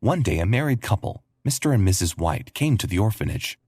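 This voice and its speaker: A man with a husky voice narrating a scripted story. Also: on the low side, very animated, a little fast, a little mellow, no room sound, studio quality.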